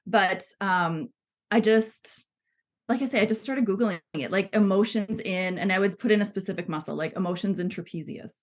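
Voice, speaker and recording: A woman's voice: medium pitch, moderate pace. A woman in her thirties talking casually as a podcast guest, chatty, with frequent laughs and fillers. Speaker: guest, body psychotherapy student.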